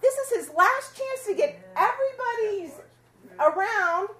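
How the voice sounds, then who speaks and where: A woman casually teaching a Bible passage to a small fellowship group, chatty and quick to laugh with them. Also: extremely high pitch, animated, bright, forceful tone. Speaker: Bible study leader.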